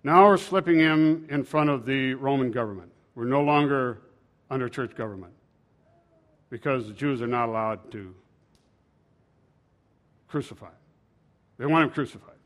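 A man preaching a sermon, retelling scripture in a folksy, conversational way with sharp swings from loud to quiet. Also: mid-range voice, a little slow, pauses often.

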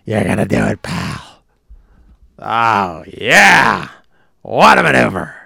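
A hoarse man voicing a brash, booming male wrestling boss who shouts with hyped-up energy. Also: big pitch swings, slow, dry recording, clean studio sound, exaggerated voice. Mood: bellowing, hyped.

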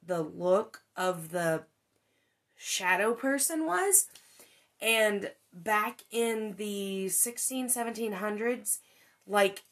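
Animated woman telling a ghost story. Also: medium pitch. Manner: animated, many fillers, swears when excited. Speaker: podcast host. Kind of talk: casual storytelling chat.

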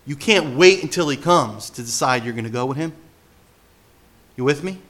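A male pastor giving an animated sermon, swinging between hushed and loud delivery and often putting questions to his listeners. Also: medium pitch, normal speed.

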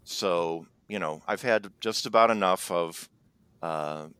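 A man with a very deep, smooth and resonant voice co-hosts a comedic chat. He rambles, filling pauses with ums and uhs. The sound is dry and close. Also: bright, forceful tone, no room sound. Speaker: co-host.

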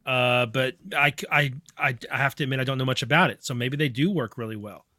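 A man's voice: medium pitch, fairly quick, bright, forceful tone, no room sound, clean studio sound. A man co-hosting a casual podcast, talking earnestly with lots of ums and restarts. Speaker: podcast co-host. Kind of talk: casual chat.

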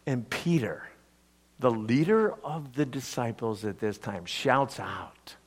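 A man preaching a sermon, telling the story and acting out the quotes with lively energy. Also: medium pitch, slow, husky. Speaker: pastor.

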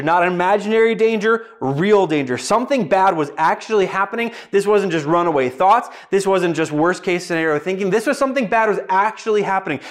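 A man with a notably high voice delivers a sermon. He drives each point home by repeating phrases and firing off rhetorical questions, preaching with steady emphasis. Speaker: pastor.

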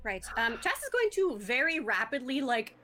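Woman player, bright and forceful tone, a little high. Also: very animated, moderate pace. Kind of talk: playing a tabletop game.

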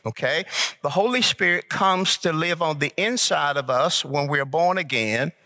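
A man preaching a sermon as pastor, slow and emphatic, repeating key phrases and calling on the congregation to say them back. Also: fairly high pitch, lively intonation, pushed and bright. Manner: call-and-response, urging the congregation to repeat.

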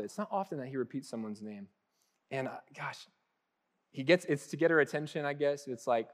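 A man in his thirties, a pastor giving a relaxed, conversational sermon that swings between lively acted-out asides and soft, hushed moments. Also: medium pitch, normal speed. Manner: casual and animated, acting out little voices, with laughs and soft hushed asides.

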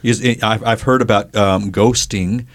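A man co-hosting a casual chat who talks haltingly, with many restarts. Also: lowish voice, steady tone. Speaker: podcast co-host.

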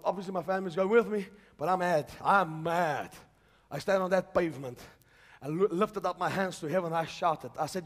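A man preaching a charismatic sermon, moving from quiet storytelling to shouted declarations. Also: high voice. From South Africa. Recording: long hall reverb.

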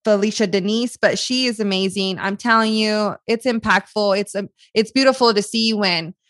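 A woman's voice: mid-range voice, moderate pace, fairly bright tone, dry recording. A woman hosting a podcast over a video call, emotional and gushing, often close to tears as she thanks her guest. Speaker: podcast host. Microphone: video call audio.

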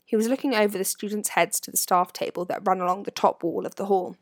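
A woman narrating a storybook in an expressive, varied reading, recorded close to the mic. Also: mid-range voice, quick pace, no echo. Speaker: audiobook narrator.

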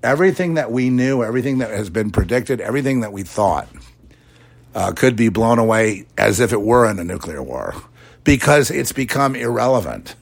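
A man's voice: medium pitch, expressive, normal speed, gravelly. A middle-aged man hosting a religious commentary show, preachy, mocking imagined critics in put-on quoted voices. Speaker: podcast host.

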